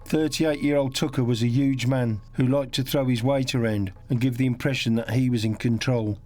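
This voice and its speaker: A man narrating a crime documentary in a measured, grave manner. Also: mid-range voice, steady tone, darkish tone, faint music behind.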